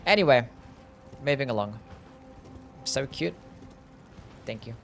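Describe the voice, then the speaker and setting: A man's voice: mid-range voice, expressive, slow, gravelly. A young man streaming a video game, chatting casually, swearing freely and answering his chat. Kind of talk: casual gameplay commentary. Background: game music.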